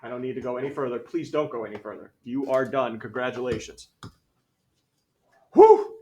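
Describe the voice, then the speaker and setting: A male math teacher lecturing a classroom, energetic and jokey, calling on students by name. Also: medium pitch, fast. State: out of breath.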